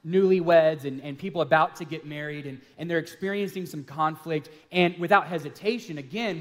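A man co-hosting a talk on marriage, speaking earnestly in a casual sermon style and telling self-deprecating stories. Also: on the high side. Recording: hall reverb.

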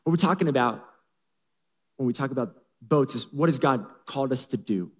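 A man's voice: medium pitch, expressive, a little fast, husky. A man preaching a sermon as a pastor, with dramatic, humorous storytelling, in an echoey hall.

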